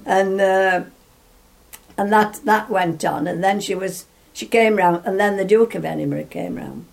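A woman's voice: mid-range voice, unhurried, vocal fry, darkish tone. An older woman telling a story from memory in a rambling way, often restarting and chuckling. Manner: rambling, full of restarts, laughs while telling. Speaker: interviewee. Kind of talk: reminiscing storytelling.

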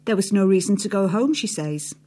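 A woman narrating a feature article in a steady read-aloud style, dropping her voice on the speech tags. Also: medium pitch, brisk. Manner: reads quotes with a lift, drops for speech tags. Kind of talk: scripted narration reading quotes aloud.

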